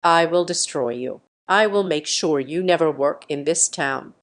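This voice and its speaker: Cold scheming dad, calm and flat, menacing under the surface, read by a woman narrator. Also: mid-range voice, normal speed, lightly acted. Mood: threatening. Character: cold scheming middle-aged father. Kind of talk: narrated storytime reading.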